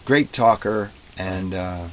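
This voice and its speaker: A man being interviewed about his life as a street performer, telling stories in a relaxed, casual way and acting out the people in them. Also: sits low, takes it slowly, a little hiss or hum. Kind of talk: casual storytelling. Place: inside a parked vintage bus.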